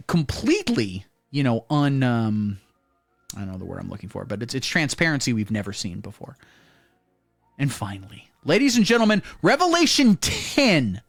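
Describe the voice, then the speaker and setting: A male comedy streamer with a mid-range voice delivers a satirical monologue in a mock-serious, deadpan way. He periodically breaks into loud announcements.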